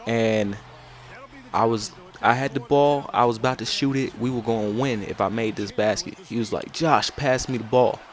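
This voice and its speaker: A man's voice: mid-range voice, steady tone, moderate pace. Young man, casual gaming commentator telling a rambling story. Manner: loose rambling slangy storytelling. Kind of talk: casual storytelling over gameplay.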